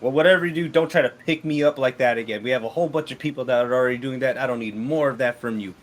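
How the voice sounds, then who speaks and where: A man's voice: medium pitch, rapid-fire, close to an everyday voice. A man voicing a brusque, exasperated female shopkeeper and blacksmith in a tabletop game.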